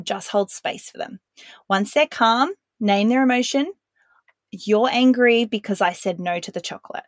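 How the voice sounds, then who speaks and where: A woman, hosting a podcast and calmly explaining her views on parenting through everyday examples. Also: mid-range voice, no room sound, studio quality. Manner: calm, earnest, explaining with analogies. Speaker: podcast host.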